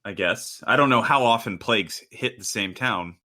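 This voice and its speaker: A man's voice: on the low side, moderate pace, sharp tone. A man playing a tabletop game, speaking in character as a dwarf, musing and hesitating often. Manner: hesitant, musing, many restarts. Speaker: player. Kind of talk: in-character tabletop role-play.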